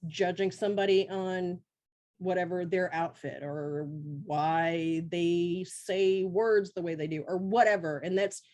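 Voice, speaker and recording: Reflective woman, slightly low voice. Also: fairly even intonation, measured pace, darkish tone, lo-fi sound. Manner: reflective, with many fillers. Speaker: podcast co-host. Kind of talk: candid personal conversation.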